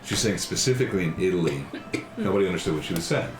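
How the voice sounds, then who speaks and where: A man at a tabletop game, chatting casually and telling a rambling, animated story. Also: low-pitched, fast. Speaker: player. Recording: roomy mic with clear background noise.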